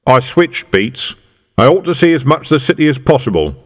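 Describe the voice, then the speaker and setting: A man reading an audiobook aloud, voicing a gruff, streetwise middle-aged police sergeant with dry, mock-official copper talk. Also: mid-range voice, very animated, fairly quick, voice pushed up. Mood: musing. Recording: reverberant room.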